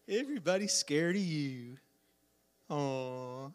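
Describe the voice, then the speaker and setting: A man preaches in an unhurried drawl, his voice sitting a little high for a man. He drops low and quiet for scripture, then bursts out loud as he acts out roars and bullies. An animated country sermon. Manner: animated, acts out roars and bully voices, swings from soft to shouting.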